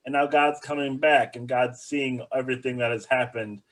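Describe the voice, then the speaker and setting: A man's voice: mid-range voice, steady tone, normal speed. A male rabbi teaching a bible study class in a conversational, joking, explanatory way.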